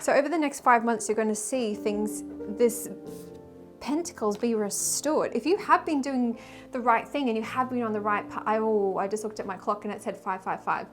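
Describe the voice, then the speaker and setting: A woman giving a casual weekly tarot reading, emotional and rambling, with sighs and soft laughs. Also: a little high, moderate pace, faint music behind. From Australia. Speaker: tarot reader and spiritual guide.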